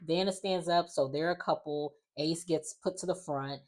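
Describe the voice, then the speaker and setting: A woman talks through a reality episode in a loose, chatty vlog. She fills her sentences with "like" and slips into animated quoted voices. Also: low-pitched, moderate pace. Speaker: recap vlogger. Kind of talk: casual reality TV recap.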